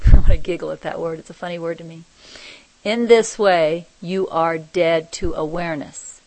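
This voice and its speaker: A woman teaching a spiritual group, reading channeled messages aloud and commenting on them in a soft, reflective way. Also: fairly low pitch, dry recording, low-quality recording. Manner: soft-spoken, reflective, often laughing.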